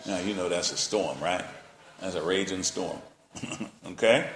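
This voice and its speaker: A man's voice: low-pitched, a little slow, pauses often, fairly bright tone, a little hiss or hum. A male pastor preaching a sermon in a colloquial, playful way, often checking in with his listeners. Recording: roomy echo.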